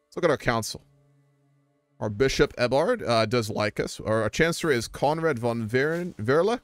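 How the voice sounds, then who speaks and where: A man's voice: mid-range voice, lively intonation, normal speed, no echo, faint music behind. Chatty young man streaming a strategy game. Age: young adult. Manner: chatty, greets viewers, rambles with fillers. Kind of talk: casual live-stream commentary.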